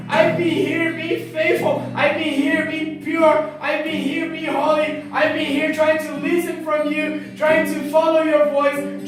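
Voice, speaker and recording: A man's voice: very high voice, voice pushed up. A man preaching acts out a desperate believer who pleads and cries out to God, asking why he has been forsaken. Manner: pleading, anguished questioning. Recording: echoey hall, far from mic, music behind.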